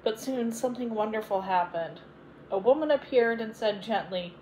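Woman bedtime-story reader, gentle clear delivery, higher pitch, faint background hiss. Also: moderate pace, rough recording.

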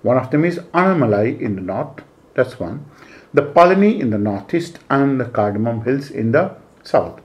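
An Indian-accented man teaching a lecture, his pitch sitting in the middle of the male range. He circles back over his own points and fills the gaps with steady "uh" and "eh" sounds. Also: normal speed. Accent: Indian English. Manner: repetitive phrasing with frequent "uh" and "eh" fillers. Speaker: geography teacher. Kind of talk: explanatory lecture.

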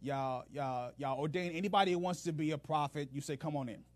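A man voicing a level-headed allied king who talks in relaxed slang and sounds skeptical. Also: a little high, brisk, no room sound, close to an everyday voice.

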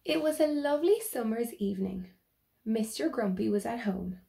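A woman teacher reading a picture book aloud to children, slowly and gently, and stopping to ask them questions. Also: on the high side, lively intonation, vocal fry.

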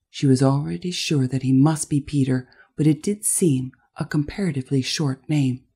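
A woman narrates a children's classic in a low, mellow voice with a breathy edge. Her telling is gentle and expressive. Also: moderate pace, hardly any pauses. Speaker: audiobook narrator. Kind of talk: scripted narration.

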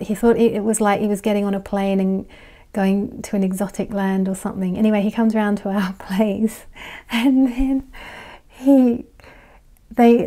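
A woman giving a casual pick-a-card tarot reading, chatty and rambling, laughing often and dropping into soft asides. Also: medium pitch. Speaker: tarot reader and life coach.

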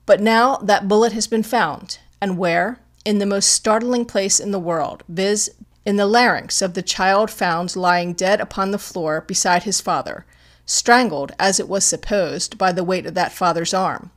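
A woman's voice: mid-range voice, a little slow. Woman narrating a classic detective story. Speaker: audiobook narrator. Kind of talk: scripted audiobook narration.

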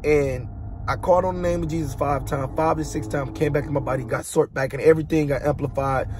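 High-voiced man telling a dramatic testimony. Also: steady tone, fast talker, background noise. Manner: dramatic, colloquial, imitates booming sounds. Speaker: vlogger giving a testimony. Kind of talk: emotional personal testimony. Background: instrumental music.

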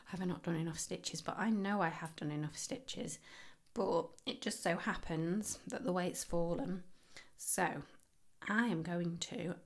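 A woman hosting a crochet tutorial, chatty and rambling with playful self-mocking asides. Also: low voice. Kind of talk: casual how-to tutorial.

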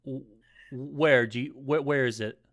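A man's voice: mid-range voice, steady tone, measured pace, fairly bright tone. A man hosting a casual gaming news chat on a live stream, rambling and stumbling with many fillers and a lot of swearing. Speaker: podcast host. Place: home setup, live stream.

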